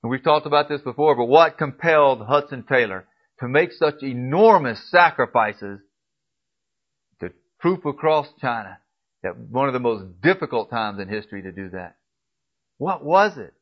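A man preaching a sermon, pressing his listeners with repeated emphatic questions and swinging from quiet, low asides to loud, rising appeals. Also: animated, normal speed. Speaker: pastor. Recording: dull lo-fi recording.

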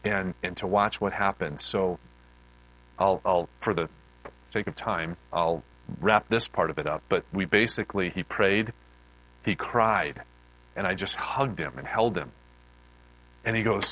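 Middle-aged preacher guy telling a testimony, kinda low voice but punchy and bright, really heartfelt. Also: a little slow, pauses often, muffled recording. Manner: heartfelt, repeats words, laughs and grows excited. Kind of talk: emotional storytelling testimony.

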